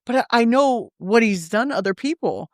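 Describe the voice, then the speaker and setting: Slightly high and a little fast, her voice sits in a dry recording of studio quality. She's a podcast guest in the studio telling casual stories with animation, plenty of swearing, and quoted speech acted out in shifting voices.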